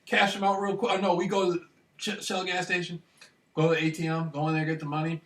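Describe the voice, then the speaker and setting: A man talks to camera in a bright, forceful, slightly high voice, pushing hard then dropping to a near murmur. He keeps checking in with his listener. The sound is roomy and echoey, with him set back from the mic. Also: fast, recorded from a distance. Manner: animated, repetitive, keeps asking "you know what I mean"; swings between loud bursts and hushed murmurs. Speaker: vlogger. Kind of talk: casual monologue to camera.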